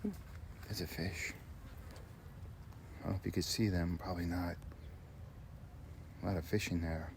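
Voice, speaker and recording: A man's voice: sits low, steady tone, normal speed, gravelly, long pauses, background noise. A man vlogging a walk outdoors, chatty and enthusiastic as he narrates what he sees. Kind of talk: walking tour vlog. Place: outdoors on a nature trail and lookout tower.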